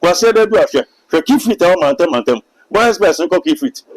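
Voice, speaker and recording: A man's voice: high voice, animated, normal speed, low-quality recording. A Ghanaian man, a pastor and prophet, speaks emphatically in a sermon-like way during an interview, with a Ghanaian accent. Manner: emphatic, sermon-like, mixing in English phrases. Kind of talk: preaching in an interview.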